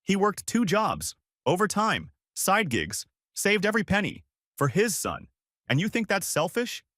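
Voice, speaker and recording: A man voicing a furious woman in her sixties in a read-aloud family story, sharp and icy. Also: on the low side, lively intonation, moderate pace, no room sound, clean studio sound.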